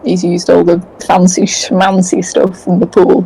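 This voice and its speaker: A woman's voice: fairly low pitch, completely flat delivery, a little slow, gravelly, warm tone, breathy edge, low-quality recording. A British woman taking part in a tabletop game, talking in a playful, giggly way. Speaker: player.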